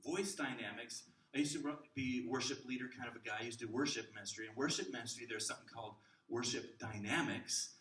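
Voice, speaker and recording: A man teaching a class of children's ministry workers, jumping between loud bursts and soft near-whispers to show how to use the voice. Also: mid-range voice, quick pace, hardly any pauses. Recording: roomy echo, mic at a distance.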